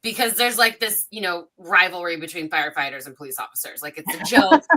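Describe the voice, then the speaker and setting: On a livestream panel, a woman psychic medium tells stories casually in a fairly low voice, speaking a little fast. She's animated, acting out dialogue as her voice rises.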